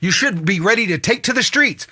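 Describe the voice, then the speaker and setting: A man hosting a talk show, delivering an angry, profane political monologue that rises to shouting. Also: high-pitched, expressive, fairly quick. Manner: ranting, swearing, rising to shouts.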